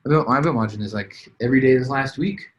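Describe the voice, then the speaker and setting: A man's voice: medium pitch, quick pace, highs cut off, slight background noise. A man giving a casual motivational training talk about business habits, with loose fillers and restarts. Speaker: business coach. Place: at a desk, writing as he talks.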